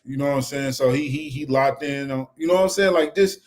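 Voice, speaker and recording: A man's voice: mid-range voice, brisk. A young man, chatting casually and animatedly as a fan-show co-host. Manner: animated, repeats "you know what I'm saying".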